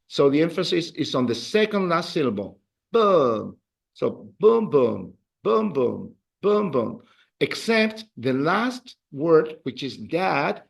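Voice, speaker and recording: A slightly high voice with vocal fry belongs to a man leading a beginner Spanish class. He explains the rules in an animated way, then runs drills with counting and praise.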